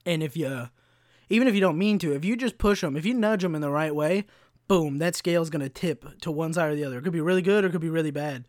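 A podcast host in his 20s rambles fast through a story in a slightly high, darkish voice, full of casual swearing and filler. The sound is close and dry, with no room echo.

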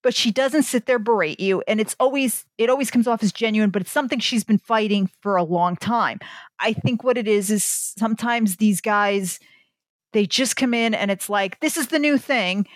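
A woman's voice: medium pitch, moderate pace, no echo. A woman author ranting bluntly in a candid podcast chat, swearing freely. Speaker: guest, fantasy author.

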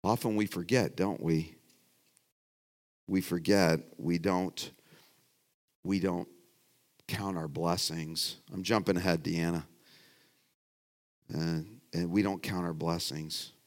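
Middle-aged guy preaching, lowish voice, chatty and rambly, keeps restarting, goes loud then quiet. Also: fairly even intonation, takes it slowly, long pauses. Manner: folksy, rambling, self-interrupting with restarts; swings between loud emphasis and quiet asides. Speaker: pastor. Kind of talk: conversational sermon.

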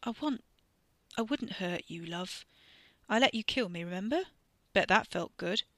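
A woman's voice: medium pitch, lively intonation, unhurried, fairly bright tone, dry recording. A woman voicing a volatile, drugged young man who talks in broad, swaggering slang. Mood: subdued.

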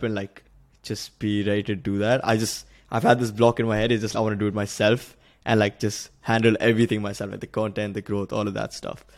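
A college-age man hosts the interview, asking casual, curious questions with plenty of "like". His voice is low and flat, recorded dry and close. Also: no room sound. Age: 20s. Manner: casual and curious, many "like" fillers. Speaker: podcast host.

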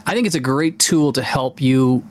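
A man's voice: medium pitch, normal speed. A man co-hosting a tabletop gaming podcast, chatting casually and enthusiastically, with many fillers and restarts. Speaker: podcast co-host. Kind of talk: casual chat.

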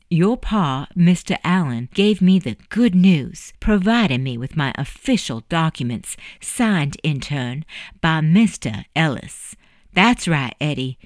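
A woman reads as a young woman of the 1820s writing a tender farewell, her voice low and dry in a close, deadened room. She speaks in formal, measured phrases, slow and careful, as in a storybook. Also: no echo. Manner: formal, measured letter-reading. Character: young woman, formal, grateful, newly freed.

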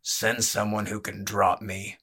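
A man voicing a gruff, defiant male brawler who talks bluntly and growls his words, in a storybook reading. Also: lowish voice, flat delivery, unhurried, pushed and bright, full character voice.

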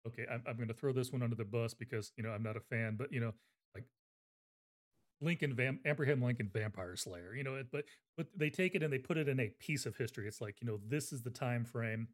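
A man hosting a casual livestream book interview, chatty and rambling with fillers. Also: medium pitch. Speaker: interview host.

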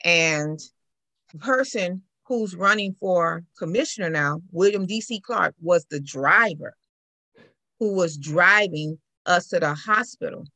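A middle-aged woman tells her own story as an interview guest. Her voice sits low and gravelly, and it is recorded dry and close. She talks in an animated way. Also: a little slow, no room sound. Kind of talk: personal account in conversation.

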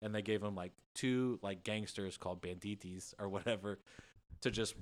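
Young guy, lowish voice, rambling casual story with lots of likes. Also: moderate pace. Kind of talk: casual chat.

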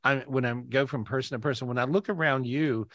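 A man's voice: medium pitch, fairly quick, fairly bright tone, no room sound, studio quality. A man hosting a live spiritual podcast on a video call, talking in an effusive, affectionate, joking way.

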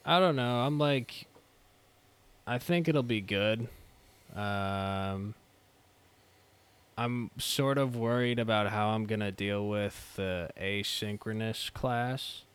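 A young man with a smooth, resonant voice and a lowish pitch, chatting in a relaxed, laid-back way. He pauses often on fillers as he goes, easygoing rather than polished. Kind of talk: casual chat.

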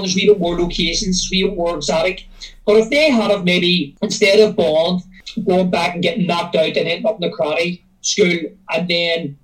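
A man's voice: high-pitched, fairly bright tone, far from the mic, rough recording. A man co-hosting a casual film review podcast, rambling as he retells scenes at length. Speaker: podcast co-host.

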